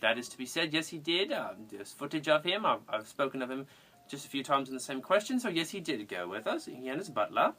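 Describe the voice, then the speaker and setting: Playing a whimsical retired English undertaker who giggles and speaks in a theatrical sing-song, this cosplayer fields viewer questions in a fan parody clip. Here the mid-range voice is brisk and sharp, with big swings in pitch over soft background music.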